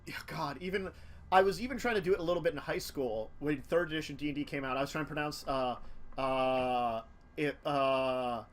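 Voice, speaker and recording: Man, fairly high voice, rambling casual chat, stumbles and restarts, laughs a lot. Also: brisk. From near Philadelphia. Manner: rambling, self-correcting, laughs often. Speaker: show host.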